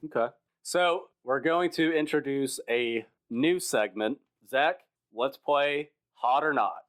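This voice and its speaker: A man's voice: medium pitch, takes it slowly, a bit bright. A man co-hosting a sports podcast, leading segments in an upbeat, playful, casual way.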